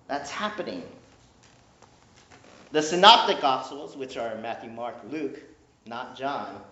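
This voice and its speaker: In an echoey room with dull, lo-fi sound, a pastor with a mid-range voice preaches at a slightly slow pace. His style is animated and conversational, full of jokes aimed at the congregation and frequent "right?" check-ins.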